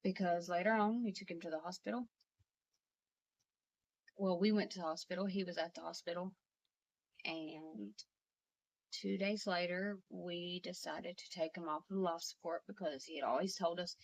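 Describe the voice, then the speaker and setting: A woman vlogger telling a personal story in a halting way, with many pauses and restarts. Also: fairly low pitch, steady tone, lo-fi sound.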